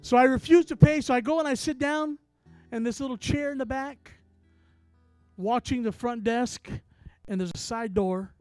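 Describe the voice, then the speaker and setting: High-voiced man preaching a story. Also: normal speed, dry recording, faint music behind. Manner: animated storytelling with acted-out dialogue. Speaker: traveling minister. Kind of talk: sermon storytelling.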